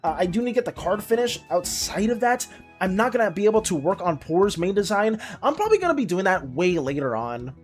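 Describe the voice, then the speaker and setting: A woman streamer chatting casually with her viewers. She often trips over her words and is quick to apologize. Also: medium pitch, very animated, faint music behind. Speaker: art streamer.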